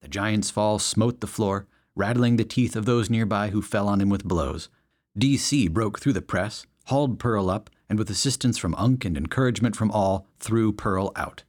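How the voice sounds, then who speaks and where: A man's voice: lowish voice, normal speed, a little mellow. A man narrating a western story in a wry storytelling manner. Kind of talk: audiobook narration.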